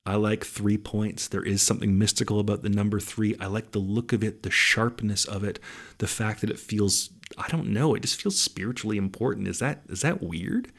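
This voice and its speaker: Gravelly low-voiced man, rambling. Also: normal speed, fairly bright tone. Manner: laid-back, rambling, swears casually. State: losing his voice. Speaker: podcast host. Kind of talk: casual listener Q&A podcast.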